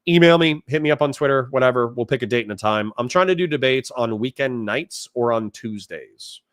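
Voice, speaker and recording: A man's voice: mid-range voice, animated, fairly quick, fairly bright tone, no echo, studio quality. A man from Florida hosting a casual livestream, reading out chat donations and rambling bluntly in reply. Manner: rambling and blunt, reads chat messages aloud.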